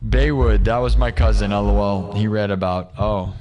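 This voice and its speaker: A man's voice: lowish voice, level tone, normal speed, darkish tone, muffled recording. A young man hosting a livestream, chatting casually and joking while he reads out viewer comments, rambling and firing off rhetorical questions. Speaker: livestream host.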